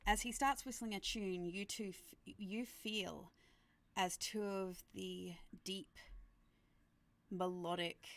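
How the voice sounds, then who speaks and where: A woman narrating a tabletop game as game master, describing combat in slow, dramatic turns. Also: mid-range voice, steady tone, vocal fry.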